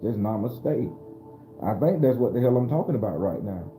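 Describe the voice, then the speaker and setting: This spiritual livestream host has a lowish, warm voice and speaks animatedly at normal speed. The room is echoey and faint music sits in the background as he preaches loosely and casually straight to his audience.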